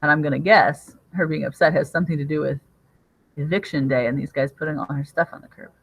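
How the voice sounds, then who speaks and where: A woman's voice: low voice, steady tone, fast talker, husky, poor audio. A woman teacher reading a graphic novel aloud to her class and explaining it as she guides the students through questions.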